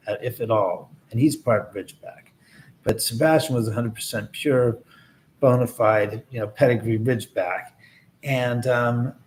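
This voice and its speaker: A man's voice: mid-range voice, darkish tone, a little hiss or hum. A man hosting a casual livestream, talking in a rambling, joking way with many restarts and asides to his viewers. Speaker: livestream host and filmmaker.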